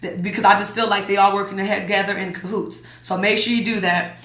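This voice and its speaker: A woman from Las Vegas talks straight into her phone on a livestream, blunt and emphatic, hammering home her warnings. Her voice is bright and forward, and the room around her is echoey. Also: medium pitch, steady tone, fairly quick. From Las Vegas, USA. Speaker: host. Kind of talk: livestream talk reading viewer comments.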